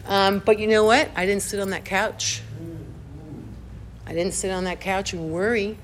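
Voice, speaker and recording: A woman tells her recovery story in an animated, chatty way, sprinkling in "like" and acting out her own reactions. Her voice is medium-pitched and a little slow, with slight background noise.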